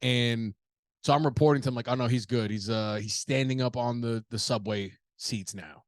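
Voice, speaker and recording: A man's voice: mid-range voice, normal speed, no echo, studio quality. A man telling a rambling, profane story in a casual podcast monologue, full of restarts. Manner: profane, rambling, animated anecdote with many restarts. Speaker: podcast host.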